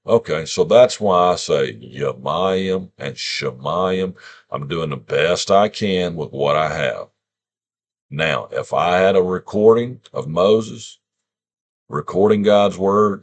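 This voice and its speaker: Male teacher, deep and unhurried, casual lesson talk that sounds words out aloud. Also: animated. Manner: informal, sounds out words, rhetorical questions. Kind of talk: scripture lesson.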